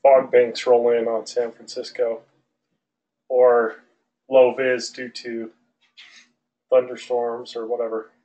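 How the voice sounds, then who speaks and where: A male aviation instructor lecturing an online class in a relaxed, loose way, with many fillers and restarts. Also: mid-range voice, slow pace, long pauses, rough recording. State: out of breath.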